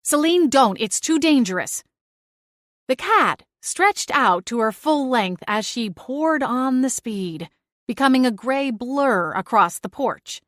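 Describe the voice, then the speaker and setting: Woman narrating a lively fantasy audiobook. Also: on the high side, takes it slowly, no room sound, clean studio sound. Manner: lively, dramatic storytelling. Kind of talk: first-person audiobook narration.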